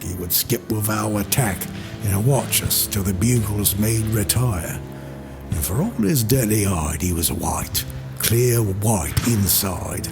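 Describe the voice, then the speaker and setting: A man giving a theatrical poetry recitation, voicing a rough soldier with dropped g's and sudden loud shouts. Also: lowish voice. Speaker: poetry reader. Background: music score.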